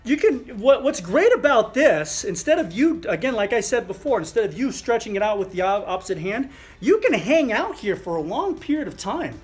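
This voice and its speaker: A middle-aged male chiropractor demonstrating a thumb exercise, talking through each movement in a relaxed way with fillers. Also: high voice, moderate pace, soft background music.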